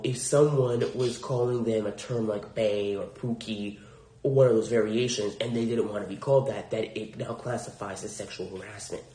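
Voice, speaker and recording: A man's voice: mid-range voice, mellow. A young adult man hosting a solo podcast, telling a work story bluntly and indignantly, with frequent swearing. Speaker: podcast host. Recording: roomy echo.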